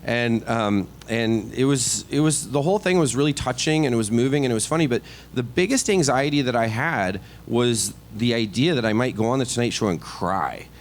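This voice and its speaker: A middle-aged man, a stand-up comedian, telling a story on a podcast in a casual, animated, self-deprecating way full of asides and restarts. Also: medium pitch, normal speed, few pauses, slight background noise. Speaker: comedian guest.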